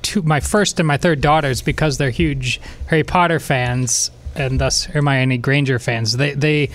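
A man's voice: medium pitch, fairly even intonation, measured pace. A man co-hosting a casual talk show, joking around and bantering with his partner. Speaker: co-host.

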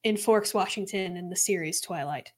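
A woman's voice: medium pitch, moderate pace. A young woman co-hosting a true crime podcast in casual chat, laughing often as she talks. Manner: giggly, laughs often mid-sentence. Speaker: podcast co-host.

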